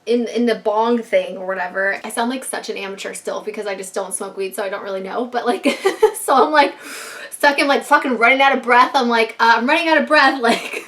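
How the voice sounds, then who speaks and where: A young woman telling a casual storytime to camera, animated and profane, laughing often. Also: fairly high pitch. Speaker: vlogger.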